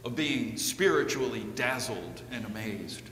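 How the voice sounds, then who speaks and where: A man preaching a sermon in a measured way, with the odd filler. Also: mid-range voice, animated, fairly bright tone. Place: church sanctuary. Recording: echoey church with long reverb, faint hum.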